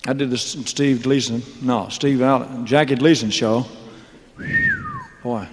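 A man in his thirties holds forth from a stage in a loose, joking ramble, his mid-pitched voice carrying a long hall echo. He is a singer telling his own story, peppering every line with "man" and "you know". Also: fairly even intonation, unhurried, noisy background.

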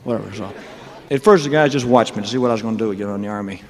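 A man's voice: on the low side, racing, a little mellow. A man in his thirties, a singer, telling his career story on stage in a loose, joking, rambling way, full of "man" and "you know". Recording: long hall reverb.

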